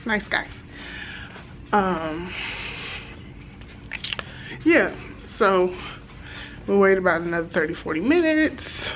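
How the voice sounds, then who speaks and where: Chatty low-voiced Texan woman vlogging. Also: takes it slowly, pauses often, a little hiss or hum, poor audio. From Texas. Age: 30s. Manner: chatty, storytelling, animated asides to viewers. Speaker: flight attendant vlogger. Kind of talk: casual vlog chat. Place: hotel hallway and room. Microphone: handheld compact camera.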